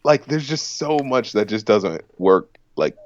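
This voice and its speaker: A man's voice: lowish voice, big pitch swings, unhurried, dull audio. A man co-hosting a stream, rambling through casual chat and mimicking people. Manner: rambling, laughing, mimics others.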